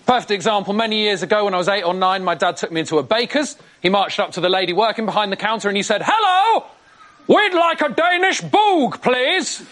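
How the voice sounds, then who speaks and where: Animated stand-up guy on a studio stage, really high bright voice, audience faintly there. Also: very fast, few pauses. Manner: animated, bursts into loud impressions. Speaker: stand-up comedian. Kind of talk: stand-up storytelling.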